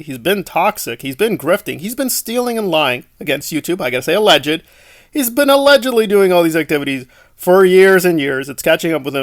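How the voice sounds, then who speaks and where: A man with a fairly high voice running sarcastic commentary, scornful and mocking. He sounds dry and close to the mic, with no room in the sound. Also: fairly bright tone, dry recording.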